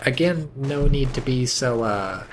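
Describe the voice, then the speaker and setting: A man casually casting a strategy game match, chatty and sardonic, with sudden excited outbursts. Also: medium pitch, a little slow. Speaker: game commentator. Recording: noticeable background noise.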